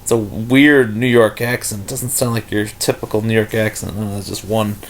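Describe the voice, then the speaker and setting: A man's voice: fairly low pitch, steady tone, brisk, slight background noise. A man talking off the cuff in an irritated, rambling rant, full of fillers and restarts. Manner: irritated, scornful. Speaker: video commentator. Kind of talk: unscripted rant.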